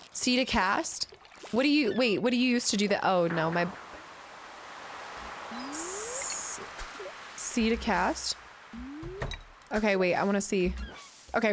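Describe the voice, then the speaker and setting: A young woman live-streaming a video game, chatting casually and reacting with excitement. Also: mid-range voice, slight background noise.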